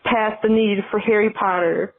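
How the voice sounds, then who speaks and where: A woman's voice: medium pitch, fairly even intonation, normal speed. A woman leaving an exasperated, ranting voicemail. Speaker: voicemail caller. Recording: tinny phone voicemail.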